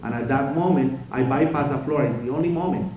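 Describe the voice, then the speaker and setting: A man giving a conference speech as first-person testimony, telling it dramatically with swings between loud outbursts and hushed passages. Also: mid-range voice, fairly quick. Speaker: conference speaker. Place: conference hall. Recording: very echoey hall, distant mic, faint noise.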